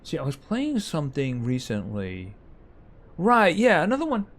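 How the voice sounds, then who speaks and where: Guy streaming a ranch game, kinda high voice, goes up and down a lot, chats w viewers. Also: wildly swooping pitch, moderate pace, a little hiss or hum. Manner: chatty, talks to game animals and reads chat aloud. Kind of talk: live gameplay commentary, chatting with viewers.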